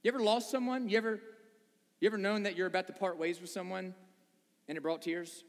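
Speaking fairly quickly with a high voice and fairly even intonation, a pastor addresses his congregation in a church sanctuary. The sermon is conversational and rich in rhetorical questions, heard with the long reverb of a big hall.

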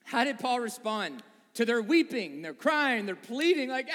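Male preacher, high voice, lively and jokey, long hall reverb. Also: a little slow. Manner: animated, joking asides and acted-out voices. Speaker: pastor. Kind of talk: sermon.

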